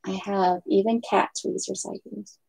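A woman's voice: medium pitch, fairly even intonation, normal speed, creaky, background noise. A woman hosting a casual craft livestream from home, chatting and rambling to viewers and her pets. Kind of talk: casual live chat with viewers.

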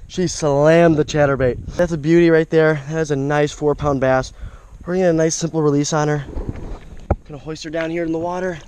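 A man's voice: a little high, fairly even intonation, fairly quick, darkish tone, slight background noise, poor audio. A young man vlogging his fishing trip outdoors by a creek, talking into an action camera and exclaiming over each catch. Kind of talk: casual outdoor commentary.

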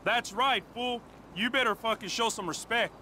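Man squeaking out a jeering gang henchman. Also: normal speed, bright, forceful tone, full character voice. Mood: taunting.

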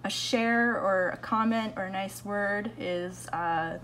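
A woman artist chatting casually in a home vlog, excitable and full of fillers, recorded on a phone in an apartment. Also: medium pitch, slow pace, slight background noise, poor audio. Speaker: artist vlogger.

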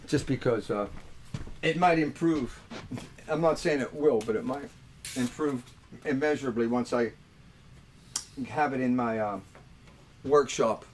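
Slow-drawling older man telling tales. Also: mid-range voice, a little hiss or hum. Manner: rambling, joking, earthy storyteller. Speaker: musician hosting a webcast. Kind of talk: casual storytelling between songs.

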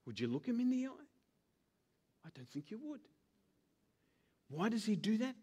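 A man's voice: high voice, moderate pace, breathy edge. A male pastor preaching a sermon, acting out little scenes with voices. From Australia. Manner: animated, acts out scenes with put-on voices.

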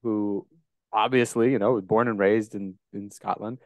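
A male podcast host with a low, smooth and resonant voice. He chats in a relaxed, rambling way, full of fillers. The sound is dry and close. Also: moderate pace, dry recording. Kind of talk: casual interview chat.

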